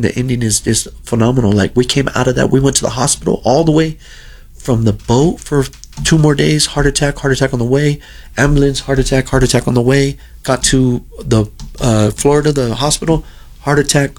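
A man's voice: medium pitch, steady tone, fairly quick, a little mellow. A middle-aged man telling a long personal story in an earnest, rambling way, often repeating himself. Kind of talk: casual storytelling.

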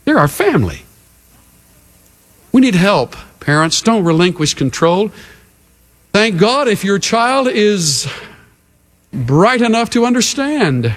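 A middle-aged male pastor preaching a sermon in an earnest way, with unhurried, emphatic pauses. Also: sits high, big pitch swings.

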